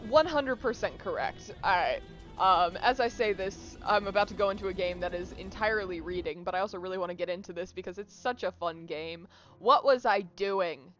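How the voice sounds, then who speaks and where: A young woman streaming from her apartment, chatting casually with viewers in a rambling, self-mocking way with quick asides. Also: mid-range voice. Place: apartment room. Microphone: desk microphone. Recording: dry, dull lo-fi sound with faint music.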